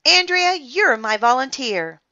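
A woman's voice: sits high, expressive, measured pace, bright, forceful tone, muffled recording, voice pushed up, full character voice. A woman reading aloud, voicing a cheerful adult male lifeguard who teaches kids first aid in an upbeat, instructive way.

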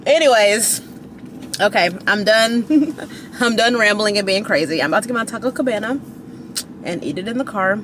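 A young woman chatting to camera from her parked car, rambling and giggly with dramatic high squeals. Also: animated, normal speed, a bit bright, a little hiss or hum. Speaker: vlogger. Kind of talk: casual chat to camera.

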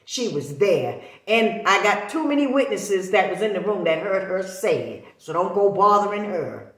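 Speaking at a normal pace in a sing-song, mid-range voice, this vlogger addresses the camera emphatically. Her casual talk turns preachy, leaning on repeated words, and the recording has a roomy echo.

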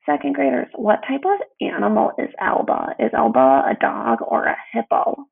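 A young adult woman teacher leading a read-aloud lesson for young children, speaking slowly and pronouncing every word clearly. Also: fairly high pitch. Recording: tinny phone-like audio.

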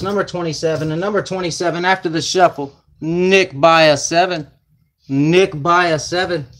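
A man's voice: on the high side, a bit bright. A man with a slightly raised voice chats his way through a card break, reading out names and numbers. He sounds a little flustered and scattered. A faint noise sits under the recording. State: flustered and distracted. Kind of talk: casual card-opening commentary.

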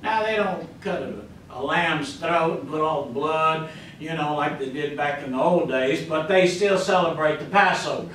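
A Texan pastor delivers a folksy sermon in a high, bright voice and jumps into little acted voices of panicked and hopeful people. The sound is very echoey and comes from a good way off the mic, as if recorded across a church sanctuary, with a faint hiss behind him. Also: male voice, moderate pace, distant mic. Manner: folksy preaching, acts out voices of the congregation.

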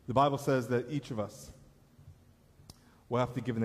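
A man's voice: mid-range voice, moderate pace, long pauses. A man preaching a sermon as pastor, telling a story in an earnest way that rises to emphatic appeals, in a church sanctuary. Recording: echoey church hall.

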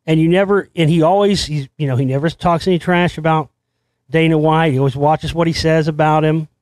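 A man hosting his own show, delivering a rambling, excitable monologue full of restarts and swearing. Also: a little high, a little fast, no room sound. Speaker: show host. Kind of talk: conspiracy commentary monologue.

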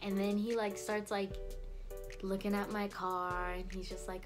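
A woman's voice: on the low side, steady tone, normal speed, music in the background. A teenage girl telling a story to her camera in a casual, chatty way, filling her speech with "like" and laughing often. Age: teens. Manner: chatty, fills every phrase with "like", laughs often. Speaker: vlogger.

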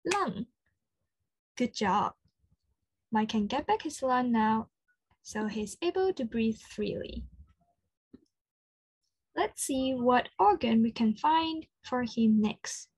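A woman with an Australian accent leading an interactive children's lesson, slow and encouraging, full of praise. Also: a little high, lively intonation, darkish tone, breathy edge, dry recording. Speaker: children's speech clinic presenter.

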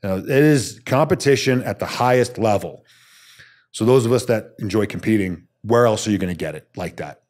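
A man's voice: lowish voice, fairly quick, a little mellow. A man, a former soldier, telling his story bluntly and emphatically as a podcast guest, swearing casually.

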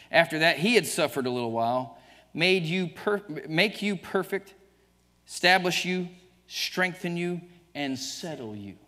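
Emphatic Southern preacher in a reverberant church. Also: male voice, on the high side, fairly bright tone. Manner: emphatic, joking with the congregation, chuckling often. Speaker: pastor. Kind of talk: sermon. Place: church sanctuary. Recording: church livestream, long reverb.

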